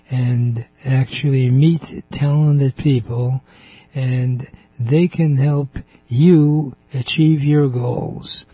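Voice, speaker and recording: A man hosting a radio interview show, talking slowly in a chatty way and laughing often. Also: on the high side, mellow, no echo. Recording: muffled radio broadcast.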